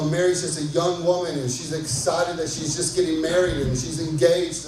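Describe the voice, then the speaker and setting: A man's voice: a little high, darkish tone. A man preaching a sermon as pastor, conversational and enthusiastic, often asking the crowd to agree with him. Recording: echoey hall from far off, faint noise.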